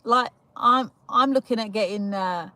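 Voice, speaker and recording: A woman's voice: on the high side, measured pace, bright, forceful tone, no echo, rough recording. A young British woman hosting a casual livestream, chatting and giggling as she welcomes viewers, with lots of fillers and restarts. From United Kingdom. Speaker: livestream host. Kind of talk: casual live chat greeting viewers.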